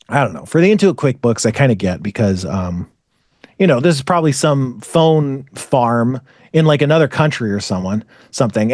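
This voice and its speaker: Podcast host, male, higher register, dry close sound; rambling, swearing, exasperated storyteller. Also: no room sound. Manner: rambling, profane, exasperated ranting; frequent "like" fillers. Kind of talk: casual storytelling chat.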